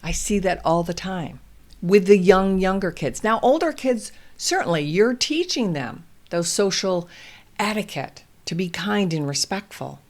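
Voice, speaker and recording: Slow, deliberate woman parenting host. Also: mid-range voice. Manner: calm, deliberate and coaching. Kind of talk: instructional parenting talk.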